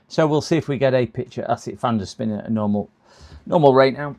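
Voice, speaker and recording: A man with a medium-pitched, somewhat dark voice chats casually on a live stream while repairing a computer. He mutters to himself and talks with viewers in a running commentary as he works.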